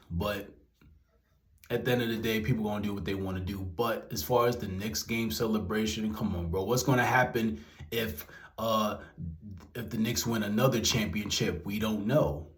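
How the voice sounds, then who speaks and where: A man's voice: lowish voice, fairly even intonation, moderate pace. Young New guy, exasperated profane rant, roomy echoey room. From New York. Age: young adult. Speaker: commentary vlogger. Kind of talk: ranting commentary. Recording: roomy echo.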